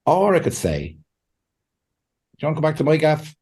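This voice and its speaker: A man, a pastor and counselor, talking as a podcast guest in a lively way, often laughing and acting out what people say. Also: a little high, normal speed. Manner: animated, laughs often, acts out quotes. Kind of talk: conversational podcast interview.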